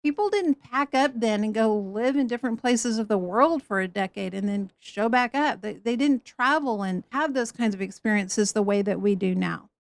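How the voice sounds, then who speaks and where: A woman teaches from the Bible with lively, animated storytelling, slipping into the people she quotes. Her voice sits fairly high. The recording is close and dry, with no room sound. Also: normal speed, hardly any pauses, no room sound.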